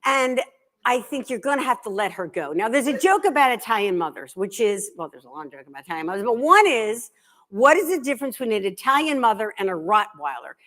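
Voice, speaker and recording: A middle-aged woman, a guest author, telling comic stories to a live library audience in an animated, self-deprecating way. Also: on the high side, fairly quick. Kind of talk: comic storytelling talk.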